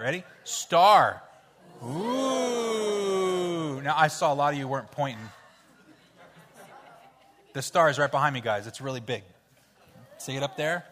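A man leading an interactive children's Bible story in church, playful and coaxing as he cues the kids to shout sound effects. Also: a little high. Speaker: children's pastor. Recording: hall reverb with faint music.

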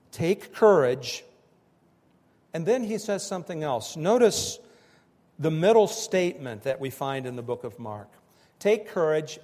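A man preaching a sermon in slow, emphatic phrases that swell and drop with pauses between them. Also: a little high, a little mellow, big-room sound. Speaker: pastor.

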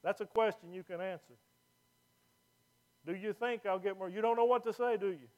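A man preaching a sermon as pastor, folksy and plain-spoken, moving from quiet asides to loud emphatic points. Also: high-pitched, brisk, muffled recording.

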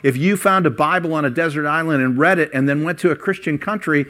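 An older man preaches from the pulpit, telling personal stories. His voice sits a little higher than most men's, climbing for emphasis and dropping low and quiet when he recounts the past. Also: fast talker, few pauses. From Ohio. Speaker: pastor.

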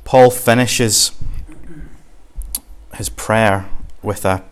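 A man's voice: lowish voice, steady tone, drawn-out words. A man with a Scottish accent preaching a sermon in an earnest, conversational way, using homely examples.

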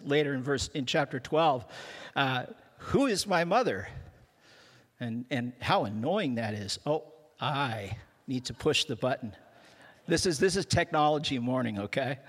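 An older man from Canada preaches to a church congregation with an easygoing, self-mocking humor. His voice sits at a middle pitch and trips over quick restarts. The sound carries a long reverb from the large hall. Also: fairly bright tone. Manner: self-deprecating, joking, with frequent restarts. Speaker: guest pastor. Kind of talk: humorous sermon.

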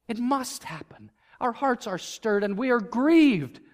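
A man's voice: very high-pitched, lively intonation, a little slow. A man preaching a sermon as pastor, earnest and building to fervent emphasis. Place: church sanctuary. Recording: long reverb of a church hall.

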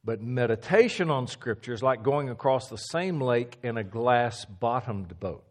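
A man's voice: expressive, unhurried. Man preaching an emphatic teaching sermon. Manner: emphatic, repeats key phrases, drops to a low hush for stress.

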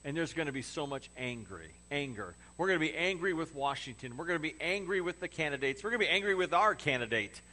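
A man's voice: a little high, animated, fast, hardly any pauses, sharp tone. Man preaching a casual sermon. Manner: conversational, humorous asides. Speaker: pastor.

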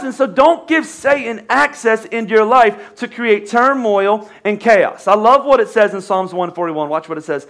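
High-voiced man preaching a sermon. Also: moderate pace, few pauses, a bit bright. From United States. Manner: conversational preaching with joking asides and repeated phrases. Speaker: pastor.

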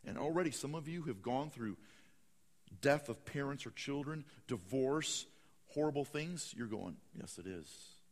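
A man preaching a sermon, swinging from hushed, slow lines to loud, dramatic bursts. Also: medium pitch, lively intonation, in a large hall. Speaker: pastor.

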